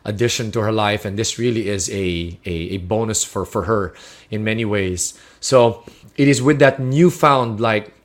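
A man's voice: lowish voice, normal speed. A man preaching a sermon, sharing a personal testimony in an earnest, heartfelt way with frequent restarts.

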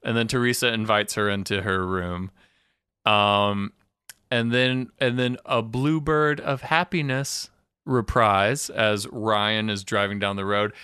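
A man's voice: fairly low pitch, fairly even intonation, measured pace, pushed and bright, clean tone, no echo, studio quality. A man co-hosting a casual recap chat, laughing often and acting out scenes. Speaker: podcast co-host.

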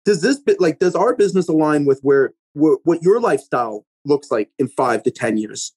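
A man's voice: on the high side, lively intonation, normal speed, darkish tone, breathy edge. A man talking about managing and keeping young workers in a casual podcast conversation, emphatic and coaching, often checking in with "right?".

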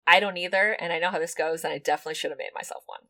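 A woman's voice: fairly low pitch, fairly even intonation, racing, sharp tone. A woman co-hosting a true crime podcast, reading a disturbing transcript in a level, grave tone and chatting bluntly with some swearing. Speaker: podcast co-host.

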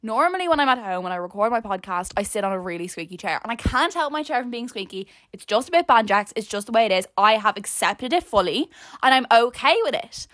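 A woman's voice: on the high side, lively intonation, fast talker, a bit bright, no echo. A young Irish woman hosting a podcast, chatting casually and rambling through self-mocking stories. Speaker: podcast host. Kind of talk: casual chat.

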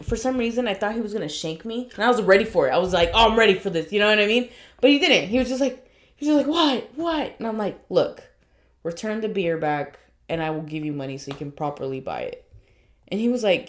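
A woman's voice: medium pitch, quick pace. A young woman co-hosting a podcast, telling work stories in casual chat, acting out the people she quotes and swearing freely. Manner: animated, acts out quoted voices, swears freely. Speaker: podcast co-host.

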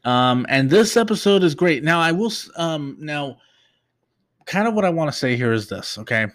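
A man's voice: a little high, expressive, moderate pace, a bit bright. A young man hosting a casual recap show, talking in a loose, rambling way with many fillers and restarts. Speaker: podcast host.

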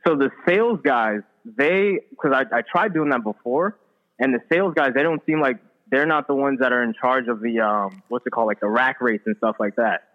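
A man's voice: medium pitch, normal speed, highs cut off. A man talking casually on a podcast, hesitant and filling gaps with likes and ums. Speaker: guest.

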